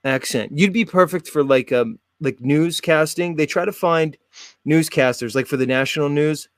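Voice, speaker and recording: An American podcast host from South Jersey chats casually, rambling and filling his talk with fillers. His voice sits on the high side at a normal speed. The studio-quality recording has no room sound.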